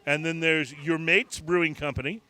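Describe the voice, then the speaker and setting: A man co-hosts a laid-back podcast taped in a bar, working through a list in a rambling way with lots of fillers and false starts. His voice is on the high side and pushed and bright, with a steady tone at normal speed.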